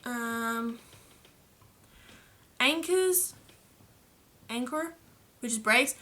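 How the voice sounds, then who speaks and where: A woman's voice: a little high, lively intonation, slow pace, long pauses, sharp tone. A young Australian woman with an Adelaide accent, chatting playfully in a casual vlog as she reads through a list of slang. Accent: South Australian. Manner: chatty, playful, laughs at the entries. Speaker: vlogger.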